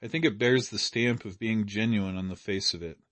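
A thoughtful older gentleman, as the narrator voices him, deliberate and judicious. Close to the reader's own low voice, dry and near the mic. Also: dry recording, lightly acted. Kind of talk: audiobook character reading.

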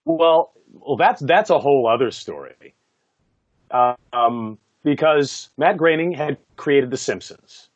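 A man, a voice actor, telling stories from his career in a casual interview, animated and laughing often, with many "you know" fillers. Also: mid-range voice, slow pace, dry recording, dull audio. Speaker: voice actor guest.

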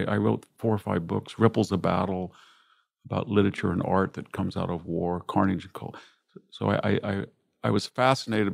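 A man's voice: lowish voice, creaky, a little mellow, no echo, clean studio sound. An older American man, a historian guest in an interview, telling reflective stories about his family and war. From United States. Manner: reflective, anecdotal, voices relatives in quotes. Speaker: guest, classicist and military historian. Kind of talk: conversational interview storytelling.

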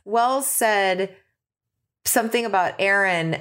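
A woman's voice: mid-range voice, slow pace. A woman co-hosting a casual chat, recapping a reality show and acting out what the cast said. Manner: animated, acts out quotes in exaggerated voices. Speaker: podcast co-host.

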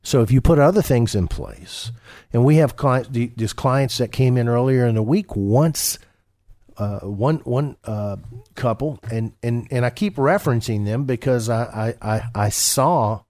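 A man's voice: mid-range voice, measured pace, darkish tone, dry recording, studio quality. A man co-hosting a retirement-planning radio show as a financial advisor, talking casually with many restarts and fillers.

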